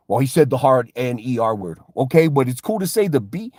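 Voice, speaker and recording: A man's voice: a little high, big pitch swings, fairly quick, few pauses, warm tone, dry recording, clean studio sound. A man ranting casually on a livestream, slangy and profane, repeating himself and calling everyone bro and homie. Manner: heated, repeats himself for emphasis. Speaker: livestreamer and fighter.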